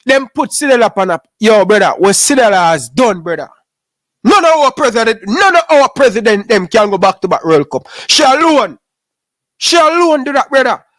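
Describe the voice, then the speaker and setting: Man, Jamaican accent, high voice, dry close sound, animated, says "brother" a lot. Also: a little fast, no echo. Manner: animated, repeats "brother" often. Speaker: podcast co-host. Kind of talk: heated casual sports chat.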